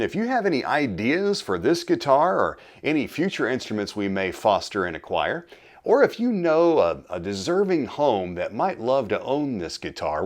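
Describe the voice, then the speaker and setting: A middle-aged man hosting a casual workshop vlog, talking folksy and unhurried about cleaning and oiling a guitar, with friendly asides and fillers. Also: medium pitch. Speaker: channel host restoring guitars.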